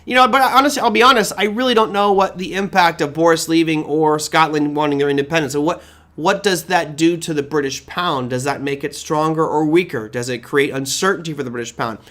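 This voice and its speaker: Answering viewers' questions on his live market-commentary stream, a middle-aged man speaks in a fairly high voice for a man. He talks in an animated, loose style, throwing out rhetorical questions and restarting quickly.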